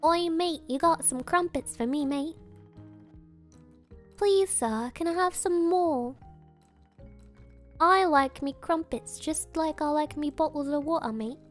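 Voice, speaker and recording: A woman's voice: high voice, takes it slowly, long pauses, soft background music. A woman voicing a crude British man with an exaggerated mock British accent, over the top and mocking. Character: crude cockney-style British man begging for crumpets.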